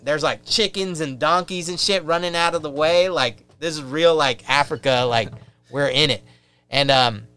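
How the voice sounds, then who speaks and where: A man with a bright, clear voice tells a story in loose, profane, casual chat. His speech rambles and is animated. It is full of fillers and swearing. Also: mid-range voice. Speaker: podcast guest.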